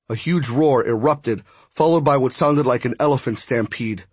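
A man narrating a first-person story as an audiobook, voicing each character with small shifts in pitch. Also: moderate pace, few pauses, slightly rough, no echo.

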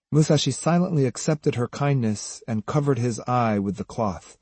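A man reading a novel aloud as audiobook narrator, in a measured, even way, close to the mic. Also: medium pitch, slightly rough, dry recording. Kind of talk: scripted narration.

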